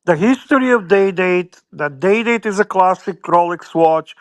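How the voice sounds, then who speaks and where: High-voiced, teasing co-host man. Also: moderate pace, no echo. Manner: teasing, profane interjections. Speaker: livestream co-host. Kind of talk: casual livestream banter.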